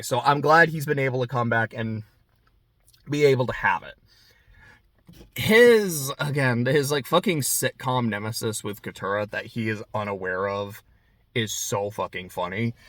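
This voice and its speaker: A man hosting a casual recap podcast, telling the story in a chatty, excitable way with plenty of swearing. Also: mid-range voice, moderate pace, no echo. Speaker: podcast host recapping a TV show.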